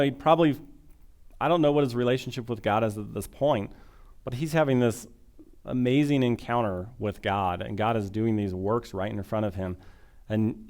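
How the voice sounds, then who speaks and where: Smooth-voiced man preaching conversationally. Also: mid-range voice. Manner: conversational, animated retelling with acted-out quotes. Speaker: pastor. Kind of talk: sermon.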